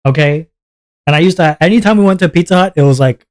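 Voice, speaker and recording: A young man from Canada holds forth on his livestream in a loose, exasperated rant, cursing freely and laughing along as he goes. His voice sits a little higher than most men's. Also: fast talker. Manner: animated, exasperated ranting with swearing and laughter. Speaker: streamer.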